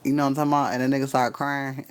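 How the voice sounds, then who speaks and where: A man's voice: mid-range voice, completely flat delivery, very fast, smooth. A man giving spiritual readings on a casual live stream, cursing freely, laughing often and talking straight to his chat.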